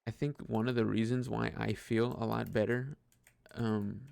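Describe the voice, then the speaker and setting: Gravelly young man, rambling monologue. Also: lowish voice, level tone, normal speed, a little mellow, no room sound. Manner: rambling, self-deprecating, laughs often, many restarts. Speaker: podcast host. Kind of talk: casual personal monologue.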